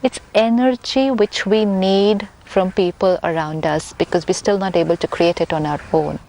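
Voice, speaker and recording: A woman, a spiritual teacher explaining her ideas calmly and patiently, repeating key points for emphasis. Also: lowish voice, moderate pace. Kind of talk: calm explanatory talk.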